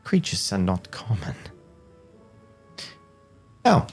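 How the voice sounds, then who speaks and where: A man narrating a tabletop game as game master, in a relaxed, hesitant way. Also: sits low, slow, husky, soft background music.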